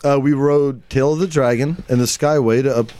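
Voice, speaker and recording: A man's voice: medium pitch, fairly even intonation, moderate pace, dark tone. A man co-hosting a podcast, reading a listener email aloud with chuckling, offhand asides. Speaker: podcast co-host.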